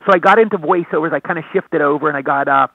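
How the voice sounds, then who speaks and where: A man, an actor and voice actor, telling quick, excitable stories in a casual interview, full of restarts. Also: a little high, gravelly, husky, dry recording, phone-quality sound. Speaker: actor and voice actor, guest.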